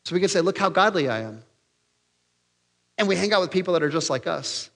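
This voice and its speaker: Excitable high-voiced man preaching a sermon. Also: a little fast, creaky, long reverb tail. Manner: animated, acts out quoted voices, raises pitch and volume for emphasis; excitable, loses his place in notes. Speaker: pastor.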